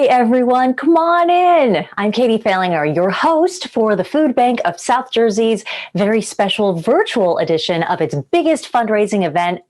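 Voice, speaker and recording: A woman's voice: lowish voice, a little mellow. A woman hosting a virtual charity fundraiser, speaking in an upbeat, welcoming scripted way. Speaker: event host.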